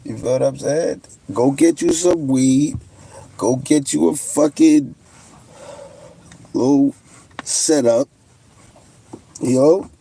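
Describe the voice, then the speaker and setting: A man's voice: mid-range voice, slow, gravelly, pauses often, warm tone. A young man, hosting a casual livestream, answering viewers with brash, boastful trash talk. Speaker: livestream host.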